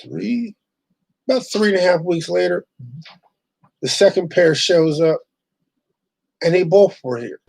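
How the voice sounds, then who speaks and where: A man's voice: high-pitched, a little slow, vocal fry, pauses often, a little mellow, dry recording, poor audio. Blunt, profane ranting man. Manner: blunt, profane, rambling with restarts. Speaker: online show host. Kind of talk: casual ranting monologue.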